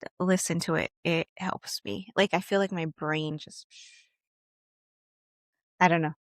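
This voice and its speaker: Animated woman telling stories in chat. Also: deep voice, measured pace, no echo, studio quality. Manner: animated storyteller, acts out quotes, laughs. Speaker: podcast co-host. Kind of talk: casual chat.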